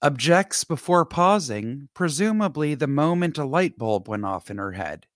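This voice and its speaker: A woman's voice: low-pitched, big pitch swings, normal speed, no room sound. A podcast co-host reads a news story aloud, adding sarcastic, scornful asides. Her voice rises and falls widely as she dramatizes the text. The sound is dry and close.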